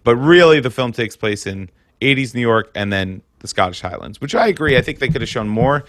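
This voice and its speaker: Bright-voiced man rambling in casual chat. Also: lively intonation, fairly quick, dry recording, clean studio sound. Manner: rambling, heavy on fillers, jumps up in pitch for mock impressions. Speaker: podcast co-host. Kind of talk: casual chat about a film.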